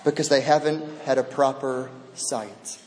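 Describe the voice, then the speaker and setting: A man preaching a sermon as pastor, swinging dramatically between loud proclamation and hushed near-whisper. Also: mid-range voice, measured pace, slight background noise. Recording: long echo of a large hall.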